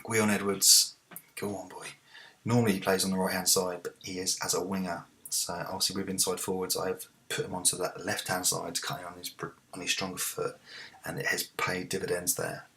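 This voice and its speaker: A man hosting a let's-play, commentating on a football management game and shouting at the big moments. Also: low-pitched, monotone, fairly quick, gravelly. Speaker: gaming video host.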